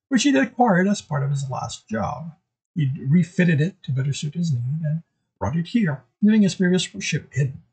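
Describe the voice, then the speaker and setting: A man's voice: a little high, darkish tone, husky, low-quality recording. A man reading a chapter of his own novel aloud, casual, with occasional stumbles.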